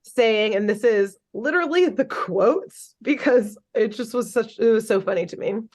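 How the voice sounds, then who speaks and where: A young adult woman co-hosting a podcast, casually recapping a cartoon episode in an animated, chatty way and swearing freely. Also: on the high side, moderate pace. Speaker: podcast co-host.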